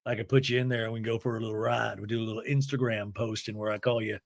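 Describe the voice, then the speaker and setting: A suave, manipulative ex-boyfriend who chews gum as he talks, put on by a man. The voice sits low and hushed, crooning rather than speaking outright, smooth and coaxing in every line. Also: flat delivery, rapid-fire, no room sound, studio quality. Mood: scheming.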